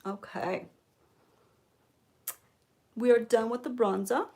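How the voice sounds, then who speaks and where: A woman giving a mock makeup tutorial, coaxing viewers with deadpan ironic influencer patter and frequent "okay?"s. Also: on the high side, takes it slowly. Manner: coaxing, keeps repeating "okay?". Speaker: beauty vlogger.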